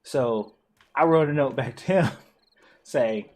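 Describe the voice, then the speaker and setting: A man streaming a co-op game, telling a school story in animated, profane casual chat with frequent laughs. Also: mid-range voice, slow. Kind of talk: casual chat while gaming.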